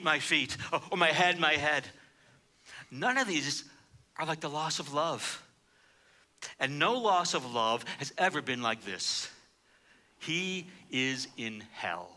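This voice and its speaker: A high, very bright male voice delivering a sermon. He swings from hushed, low lines to loud, ringing declarations. He leans on repetition to drive points home. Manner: dramatic preaching, swinging between hushed and loud; repeats phrases for emphasis. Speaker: pastor.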